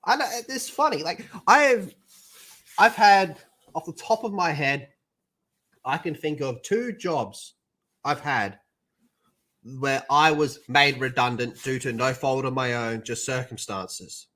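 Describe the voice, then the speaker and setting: A man's voice: medium pitch, slow, bright, forceful tone. A young man streaming, chatting and ranting in a casual, profane way.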